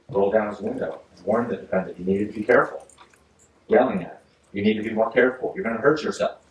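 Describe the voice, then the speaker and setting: Deep-voiced judge in an echoey courtroom. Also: male voice, a little mellow, far from the mic. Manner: measured, formal legal delivery with frequent uhs. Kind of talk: reading a ruling from the bench. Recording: echoey courtroom audio from afar, faint hiss.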